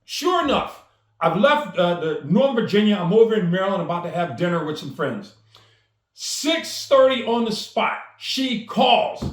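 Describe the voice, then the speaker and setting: A storyteller and speaker shares a personal story with enthusiasm, speaking at a moderate pace in a high, sing-song voice. The sound is reverberant, and he performs the quoted dialogue.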